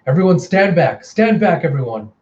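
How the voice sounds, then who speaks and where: A man's voice: fairly high pitch, normal speed, warm tone, distant mic, muffled recording, close to an everyday voice. A man voicing a flustered old alien woman healer in a comic readthrough; she repeats herself as she fusses. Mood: fussing.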